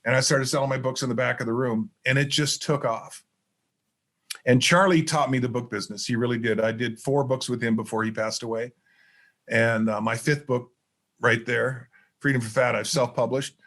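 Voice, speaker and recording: A middle-aged man, a motivational speaker appearing as a podcast guest, telling stories in a lively way and acting out the dialogue. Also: medium pitch, normal speed. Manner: animated storyteller who acts out dialogue. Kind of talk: storytelling interview chat.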